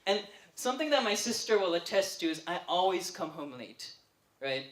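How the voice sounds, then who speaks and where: A young man doing stand-up comedy at an open mic, telling a chatty, animated story and often laughing through his lines. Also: high-pitched, normal speed, echoey room. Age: young adult. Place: open mic night venue.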